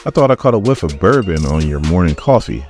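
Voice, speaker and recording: A man voicing a calm, defiant male mutant leader from a comic, dry and measured. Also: low-pitched, soft background music.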